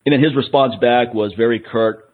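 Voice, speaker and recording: A man's voice: mid-range voice, steady tone. A man hosting a podcast, talking candidly about his frustration in a casual conversation. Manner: fast, candid, frustrated venting. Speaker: podcast host. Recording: phone-like line.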